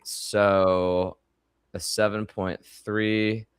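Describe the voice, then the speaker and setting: Low-voiced man with a dry sound. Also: level tone, clear, resonant tone, no room sound. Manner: halting, many fillers and restarts. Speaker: podcast co-host. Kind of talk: casual chat.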